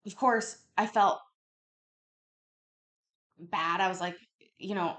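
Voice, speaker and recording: Female stream host, lowish voice, animated casual storyteller, swears a lot. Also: takes it slowly, long pauses. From Canada. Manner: animated, swears freely, acts out quotes loudly. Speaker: livestream host. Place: home kitchen. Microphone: home livestream mic.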